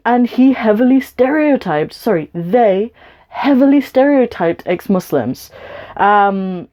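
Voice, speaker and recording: Speaking in a mellow, lowish voice, this woman vlogs an angry rant straight to camera as a YouTuber. She's confrontational and sarcastic, with plenty of profanity.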